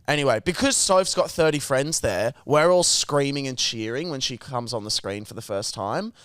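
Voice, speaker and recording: Animated young man, lively storyteller. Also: mid-range voice, moderate pace, smooth, dry recording, studio quality. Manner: animated storyteller, swears a lot, acts out scenes. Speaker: podcast co-host. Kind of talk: casual chat.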